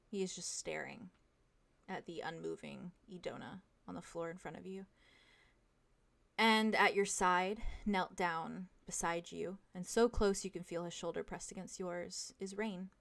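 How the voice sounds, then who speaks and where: A young woman narrating a tabletop game as game master in the second person, in a hushed, dramatic way. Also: lowish voice, fairly even intonation, measured pace, creaky.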